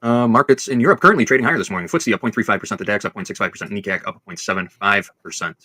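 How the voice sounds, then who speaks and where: Fast-talking Chicago man hosting a markets stream. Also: lowish voice, pushed and bright, no echo. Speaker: trading stream host. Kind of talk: live market commentary.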